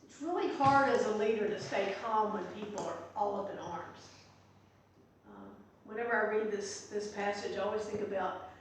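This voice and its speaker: In a church meeting room, a middle-aged woman pastor runs a casual Bible study at medium pitch, talking chattily with asides and restarts. She's captured from a distance in an echoey space, and there's slight background noise.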